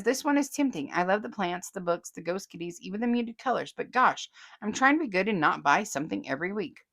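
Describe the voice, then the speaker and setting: A woman's voice: medium pitch, a bit bright. A chatty woman, hosting a casual vlog and reading viewer comments aloud with frequent laughter. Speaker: host.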